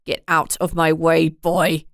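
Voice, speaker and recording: A woman's voice: sits low, little pitch movement, slow pace, vocal fry, no room sound, studio quality, exaggerated voice. A woman voicing a brutal, raging middle-aged father who snarls threats. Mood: menacing.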